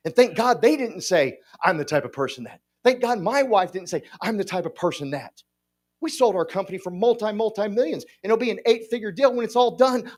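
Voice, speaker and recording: A man's voice: sits high, slightly rough. A man, giving a folksy, joking motivational talk to a conference audience. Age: 50s. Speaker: conference speaker. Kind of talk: motivational speech. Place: conference hall.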